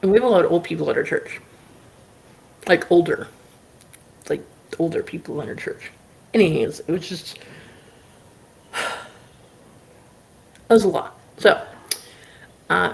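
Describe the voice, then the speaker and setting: A woman's voice: on the low side, normal speed, vocal fry, long pauses. A woman livestream host casually telling a rambling story, full of "like" fillers. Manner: animated anecdote telling.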